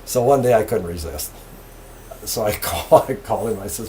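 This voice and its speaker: Heavy background noise surrounds a fairly low-pitched male voice speaking at normal speed. He's an older retired railroad engineer, laughing his way through animated stories in an interview.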